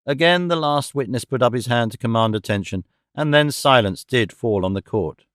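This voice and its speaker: A man narrating an audiobook in a steady, even-toned way on a close studio mic. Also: mid-range voice, normal speed, clean tone, dry recording. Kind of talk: scripted narration.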